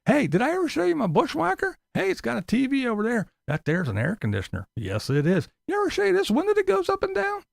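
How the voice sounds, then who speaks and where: A man putting on a high, chirpy voice to mock a rambling middle-aged man who keeps bragging about his truck. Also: wildly swooping pitch, quick pace, gravelly, hardly any pauses, no echo, studio quality, full character voice. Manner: repetitive, chirpy, boastful.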